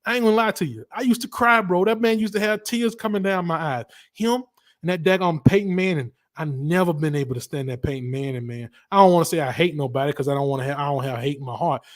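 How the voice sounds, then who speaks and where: Animated Southern man ranting casually. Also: a little high, fast. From Alabama. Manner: animated, rambling, heavy slang. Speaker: livestream host. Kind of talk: casual livestream chat about college football.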